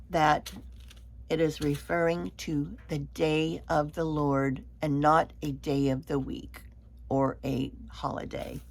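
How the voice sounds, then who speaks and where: Slow, gravelly-voiced woman teaching Bible study. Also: low-pitched. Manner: slow, deliberate explaining with repeated words. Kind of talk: unscripted Bible study lesson.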